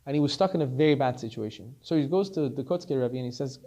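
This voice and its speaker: Animated rabbi telling a story, man. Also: medium pitch, fast. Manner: animated, acts out the characters, repeats words when excited. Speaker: rabbi teaching a class. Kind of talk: storytelling Torah lesson.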